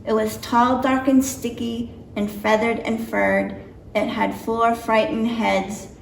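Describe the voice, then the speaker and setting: Slow, gravelly woman reading a storybook. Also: on the high side, flat delivery, slight background noise. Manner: careful reading, a little nervous. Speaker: storybook reader. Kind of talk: reading a picture book aloud. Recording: roomy echo, mic far off.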